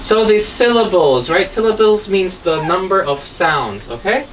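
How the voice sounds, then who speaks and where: Woman, English teacher, lowish voice, patient, spells letter by letter, distant mic, faint room noise. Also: expressive, measured pace. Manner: patient, spells words out letter by letter, ends lines with "okay?" and "right?". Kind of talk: classroom grammar lesson.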